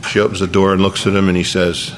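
A man's voice: low-pitched, flat delivery, fast, slight background noise. A man pastor delivering a sermon to a congregation in church, telling a story and often repeating his words as he preaches.

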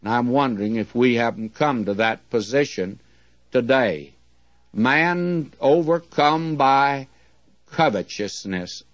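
Male preacher, American, unhurried and earnest; dry, dull old recording. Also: mid-range voice, lively intonation, dry recording. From United States. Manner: measured, earnest preaching with slow emphatic readings. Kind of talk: sermon.

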